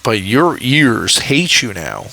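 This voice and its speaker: A man's voice: mid-range voice, very animated, slow pace, creaky, bright, forceful tone, low-quality recording. A young man casually reviewing a show, rambling with many fillers and restarts and laughing often. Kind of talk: casual commentary.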